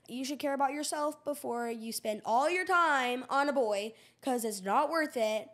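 A woman's voice: a little high, moderate pace. A teenage girl co-hosting a podcast, chatty and teasing, laughing often. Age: teens. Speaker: podcast co-host. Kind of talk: casual chat.

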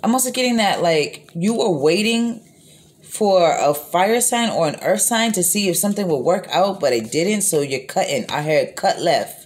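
A woman's voice: fairly low pitch, lively intonation, moderate pace. Rambling woman giving a tarot reading. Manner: rambling, repeats herself, frequent fillers; profane, blunt. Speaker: tarot reader. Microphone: phone.

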